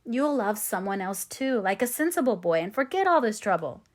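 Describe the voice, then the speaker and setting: A woman's voice: medium pitch, very animated, normal speed, lightly acted. A woman voicing a spirited young woman who speaks earnestly and firmly in an audiobook reading. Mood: earnest, remorseful. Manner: earnest, gently firm.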